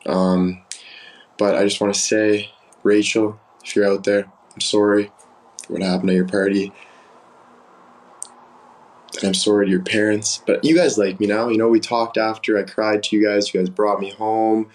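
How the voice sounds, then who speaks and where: A young man with a fairly low voice hosts a casual live stream. He rambles candidly through personal stories and answers comments from viewers as they come in. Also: little pitch movement, normal speed, pauses often, darkish tone, rough recording. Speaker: livestream host. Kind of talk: casual livestream chat.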